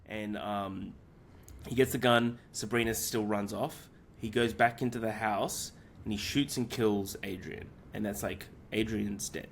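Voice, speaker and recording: Podcast co-host, male, lowish voice, rambling casual recap, fillers and swearing. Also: fairly even intonation, a little slow, gravelly, slight background noise. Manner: rambling plot retelling with many fillers. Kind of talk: casual film discussion.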